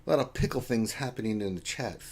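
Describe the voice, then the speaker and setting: Guy on a live stream reading the chat out loud, joking around, teasing folks. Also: lowish voice, brisk. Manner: joking, reads chat names aloud with playful teasing. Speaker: co-host reading viewer chat.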